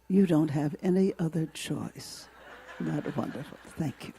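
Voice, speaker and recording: A man giving an inspirational talk, slow and dramatic, sometimes dropping to a whisper. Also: fairly high pitch, vocal fry, noisy background. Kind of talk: inspirational speech.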